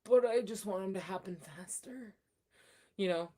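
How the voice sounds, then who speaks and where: A woman's voice: mid-range voice, normal speed, dark tone. Chatty woman hosting a livestream. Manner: chatty, rambling, reads out viewer comments. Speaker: livestream host. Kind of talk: casual livestream chat. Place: home room.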